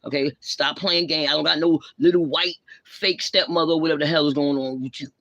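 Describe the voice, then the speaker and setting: A woman rants on her livestream, lecturing and scolding in blunt street slang. Her voice is sharp and forceful, and the sound is dry and close with no room echo. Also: low-pitched, steady tone, brisk, muffled recording. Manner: blunt, confrontational, heavy slang. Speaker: livestream host. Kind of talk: ranting live commentary.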